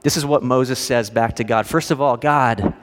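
A male pastor preaches in a relaxed, conversational manner with a wry, joking touch. His voice sits at an ordinary pitch. It rings through a large hall with a long echo. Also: brisk. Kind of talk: sermon.

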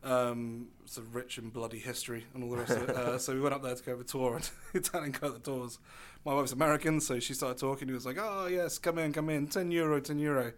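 Middle-aged British man, quick chatty podcast co-host, tells anecdotes. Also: mid-range voice, level tone. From England. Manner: quick, chatty storyteller, acts out voices. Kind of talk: casual chat.

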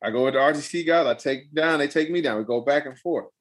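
A young adult man, a pro fighter, telling a story in a casual interview, animated and emphatic, repeating phrases for effect. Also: a little high, fast talker.

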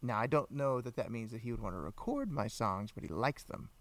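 A man's voice: medium pitch, lively intonation, fairly quick, dry recording. A man co-hosting a casual live podcast, joking, laughing often and reading out viewer comments. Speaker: podcast co-host. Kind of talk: casual live-stream chat.

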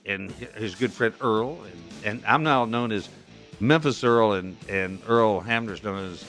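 A man's voice: on the low side, measured pace, a bit bright, soft background music. A man from Texas hosting a radio talk show, chatting folksily and chuckling often into a studio microphone. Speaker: radio host.

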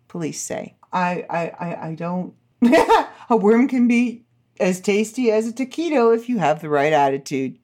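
A woman hosts her podcast in a casual, chatty register. Her voice sits a little low for a woman. She rants with animated, sarcastic humor. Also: moderate pace. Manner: animated, sarcastic ranting storyteller. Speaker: podcast host. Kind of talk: casual chat.

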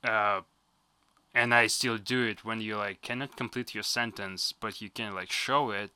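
A man with a Russian accent speaking English as a second language, animated and swearing casually in chat. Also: lowish voice, unhurried, clean tone, dry recording.

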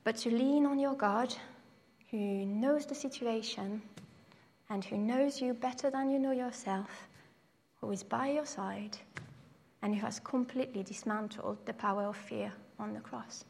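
A young woman gives a sermon as a personal story. She speaks animatedly in a fairly high voice. She jumps up into higher voices to act out the people in her tale. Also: measured pace, vocal fry, darkish tone, slightly rough, long reverb tail. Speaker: preacher.

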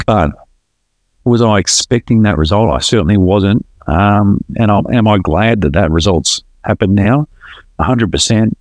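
With no room sound in the recording, a lowish male voice tells a podcast host his story. He's earnest and animated in a casual way, and he often starts his sentences over.

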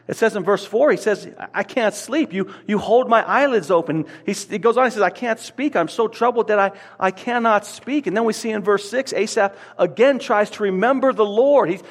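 A male pastor delivers a sermon in an earnest way, doubling back on words as he presses each point. His voice sits a little high for a man. The sound carries the long echo of a church hall. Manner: earnest, repeats words while building a point. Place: church sanctuary.

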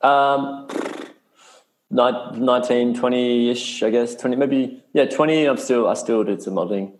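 A man's voice: medium pitch, unhurried. A young Australian man talking as a podcast guest in a loose, sarcastic, laid-back way, swearing freely. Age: young adult. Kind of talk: casual interview chat. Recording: roomy echo.

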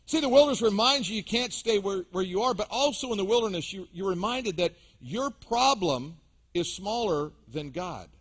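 A middle-aged man with a high-pitched voice delivers a sermon from the pulpit. He mixes scripture with funny personal stories and often turns to question his congregation directly. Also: animated, normal speed, a bit bright, slightly rough. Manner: storytelling, humorous, addresses the congregation directly. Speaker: pastor.

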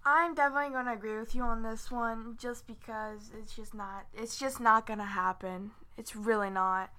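A young woman co-hosting a podcast with her father, mostly giving short, relaxed agreeing replies. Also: a little high, moderate pace. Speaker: podcast co-host, host's daughter. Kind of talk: casual wrestling prediction chat.

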